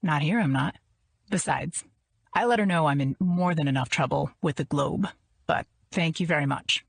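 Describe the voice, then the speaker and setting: A woman voicing a suave, wealthy man with a smooth, cultured and dry manner. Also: low voice, moderate pace, dry recording, heavily acted. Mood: dry teasing.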